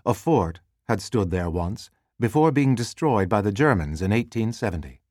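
A man reading a scripted narration in a measured, calm storytelling manner. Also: lowish voice, dry recording, studio quality.

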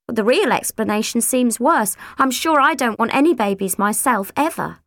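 A woman narrates an audiobook in a slightly high voice. She reads expressively and shifts her voice for each character, close to a dry studio mic. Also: animated, normal speed, a bit bright, dry recording.

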